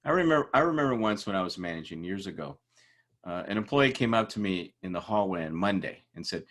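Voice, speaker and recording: Man lecturing with lively storytelling. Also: low-pitched, quick pace. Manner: animated storytelling, acts out quoted people. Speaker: instructor. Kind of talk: informal lecture with anecdotes.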